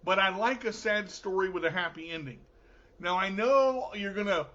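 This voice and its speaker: A man hosts his own show with an unhurried, playful, joking delivery. His voice sits high and bright. The recording sounds dull and lo-fi. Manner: jokey, playful storyteller. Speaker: show host. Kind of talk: casual podcast talk.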